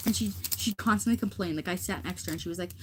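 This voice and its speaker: A teenage girl talks on a livestream, chatty and rambling, with a slightly low voice for her age. There is clear hiss and noise under the stream audio. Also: racing, rough recording. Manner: rambling and chatty, full of fillers. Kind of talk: casual livestream chat.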